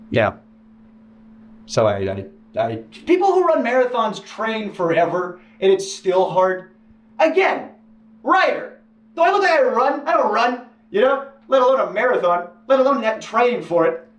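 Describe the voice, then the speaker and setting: A man telling a painful personal story as an interview guest, halting and restarting, quoting others in a raised voice. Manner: halting, many restarts, mimics others in higher voice. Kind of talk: emotional personal account. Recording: echoey room with faint hiss.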